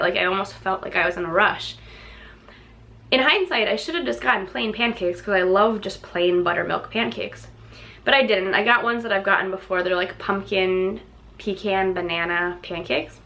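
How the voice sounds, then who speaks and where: A woman's voice: on the high side, a bit bright. A young adult woman vlogging, telling a story in a chatty way, filling her talk with "like" and laughing along. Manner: chatty, fills speech with "like", laughs through the story. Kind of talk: casual storytelling vlog.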